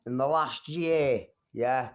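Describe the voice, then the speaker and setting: A man's voice: medium pitch, slow, dull audio. A young man telling boastful stories of his street fights, swearing and talking streetwise. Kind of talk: boastful fight-story vlog.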